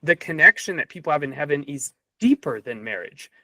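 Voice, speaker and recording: Animated man with a higher, dry voice. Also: fairly quick, no room sound, rough recording. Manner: animated storyteller with frequent fillers. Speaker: podcast guest or host. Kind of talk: casual podcast conversation with storytelling.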